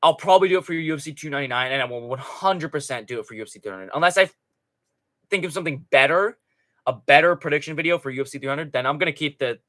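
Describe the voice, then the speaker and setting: Brief: male stream host, crisp bright tone, loose and profane, casual chatter. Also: a little high, fast. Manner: rambling, profane, chatty with frequent restarts. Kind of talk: casual live stream chat.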